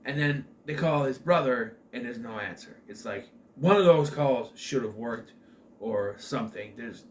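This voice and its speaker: A man's voice: mid-range voice, expressive, unhurried. A man giving a casual spoken film review, rambling, with many fillers and restarts.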